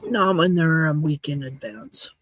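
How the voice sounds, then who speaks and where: A woman from Saskatchewan hosting a casual livestream chat at home, rambling and frank, her throat a little hoarse. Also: deep voice, a little slow. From Saskatchewan, Canada. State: slightly hoarse throat after choking. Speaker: livestream host. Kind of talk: casual chat to a live audience.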